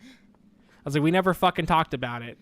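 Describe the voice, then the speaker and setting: A man's voice: a little high, quick pace, no room sound. A young man, a streamer, casually telling a story with lots of swearing and quoted back-and-forth dialogue. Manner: profane, animated retelling with quoted dialogue.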